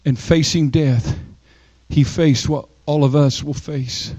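A man preaching a sermon, emphatic, with dramatic pauses and sweeping rises in pitch. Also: fairly even intonation, a little mellow, no echo, highs cut off.

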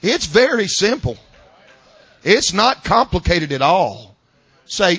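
A male pastor preaching a sermon in a church service, folksy, swinging between loud shouted climaxes and quiet asides. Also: high-pitched, sing-song, takes it slowly, long pauses, husky, no echo.

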